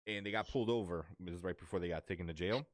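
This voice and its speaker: A man in a casual chat about a movie, trailing off softly and filling gaps with "you know" and "like". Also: low voice, very fast, no echo, clean studio sound. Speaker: movie discussion co-host.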